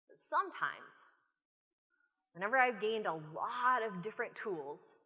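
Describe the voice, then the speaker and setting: An American woman speaker giving an animated, storytelling conference talk from a stage. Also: mid-range voice, a little slow. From United States. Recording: long reverb of a conference hall.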